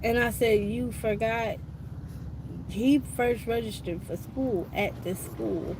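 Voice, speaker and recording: Woman, casual live stream, exasperated storytelling, slow delivery, faint background noise. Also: on the high side. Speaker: vlogger. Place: eye doctor's office.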